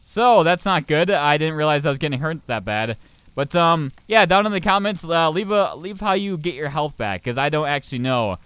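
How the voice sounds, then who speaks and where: A young man casually commenting on his own gameplay, swearing and getting loudly panicked when things go wrong. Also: on the high side, lively intonation, moderate pace, smooth, no room sound. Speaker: gaming channel host. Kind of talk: casual let's play commentary.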